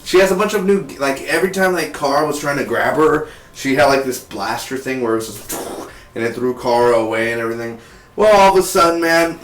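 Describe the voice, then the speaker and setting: A young man recapping a TV episode in casual, excitable, slangy speech with lots of fillers. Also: medium pitch. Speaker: TV show reviewer. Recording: roomy echo.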